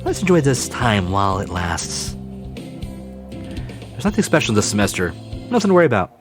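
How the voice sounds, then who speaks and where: A man's voice: lowish voice, sing-song, normal speed, faint music behind. A man voicing a drowsy, polite male bird teacher in a dating-sim game. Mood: mild.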